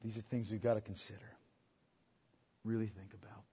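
A man preaching a sermon as pastor, rising to loud emphatic peaks and dropping to quiet asides, repeating phrases for emphasis. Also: little pitch movement, a little fast, husky. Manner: swings from quiet, low asides to loud, high emphatic climaxes.

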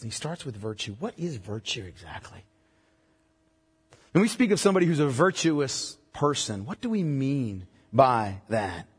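A man's voice: on the high side, husky, big-room sound. A male pastor preaching a sermon, emphatic and checking in with the congregation through repeated questions.

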